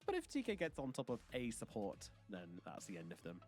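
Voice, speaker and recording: A man doing play-by-play commentary on a match, with quick, playful asides. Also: on the low side, huge pitch swings, darkish tone, faint music behind. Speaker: esports commentator.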